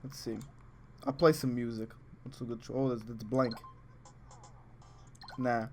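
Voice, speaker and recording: A man giving casual, excitable, rambling commentary over a video game, full of chatty asides. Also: mid-range voice, unhurried, soft background music. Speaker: let's play host.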